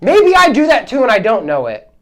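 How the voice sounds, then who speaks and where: A man hosting a solo podcast, ranting in a heated, exasperated way, his voice swinging between loud outbursts and quieter asides. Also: very high voice, wildly swooping pitch, fairly quick. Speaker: podcast host.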